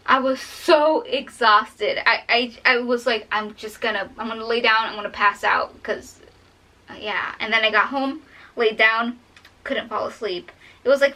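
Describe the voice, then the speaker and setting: A woman's voice: on the high side, pushed and bright, rough recording. A young woman vlogger telling a personal story while drawing, fighting back tears and rambling with many fillers.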